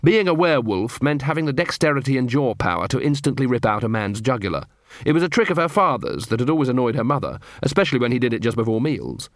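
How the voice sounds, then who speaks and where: A man narrating an audiobook, telling a comic story in an even, dry manner on a close studio mic. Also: medium pitch, fast talker, no echo. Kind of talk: scripted narration.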